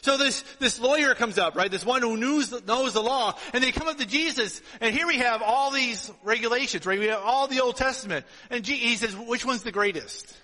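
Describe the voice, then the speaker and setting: Animated high-voiced male pastor preaching. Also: a little fast, few pauses. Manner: storytelling, animated with acted-out dialogue. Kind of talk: sermon. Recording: long reverb of a hall.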